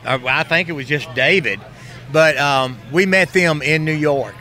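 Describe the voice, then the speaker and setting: A man telling a story in casual chat, measured and reflective. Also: on the high side, pushed and bright. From US South.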